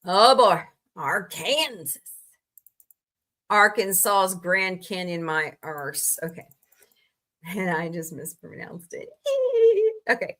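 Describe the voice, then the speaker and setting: A woman's voice: on the low side, steady tone, a little slow, sharp tone. A woman hosting a comedy livestream, reading odd laws aloud with sarcastic asides and greeting viewers in chat by name. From United States.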